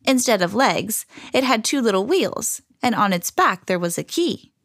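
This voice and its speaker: A woman reading a children's storybook aloud in an expressive, animated way. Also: a little high, normal speed, dry recording, studio quality.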